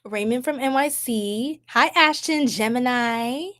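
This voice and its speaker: A woman's voice: a little high, unhurried. Chatty slangy young woman from New York. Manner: chatty, slangy, animated, laughs often. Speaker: tarot reader livestream host. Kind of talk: casual livestream chat.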